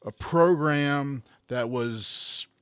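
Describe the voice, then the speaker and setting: A man's voice: mid-range voice, drawn-out words, smooth, no room sound. Sarcastic man rambling on a podcast, dry sound. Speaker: podcast co-host. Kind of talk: casual chat.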